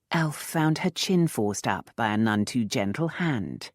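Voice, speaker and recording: An audiobook narrator reading a romance novel in a measured, expressive way. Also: mid-range voice, no room sound, clean studio sound.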